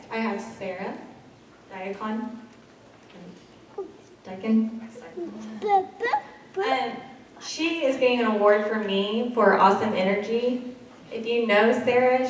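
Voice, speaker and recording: A woman's voice: medium pitch, a little hiss or hum. A woman teacher from Kansas giving out school awards in a chatty, emotional way, with laughing asides. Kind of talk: award ceremony speech. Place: school gym or hall. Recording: echoey hall, mic far off.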